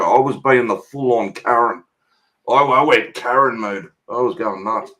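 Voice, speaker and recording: A man's voice: mid-range voice, a little slow, sharp tone, rough recording. An Australian man hosting a casual chat, telling stories bluntly and swearing freely. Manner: swears freely, brash storytelling.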